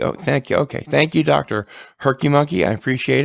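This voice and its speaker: A man's voice: a little high, fairly quick, creaky, few pauses, no echo. A man hosting a casual livestream chat, rambling with ums and restarts. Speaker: livestream host.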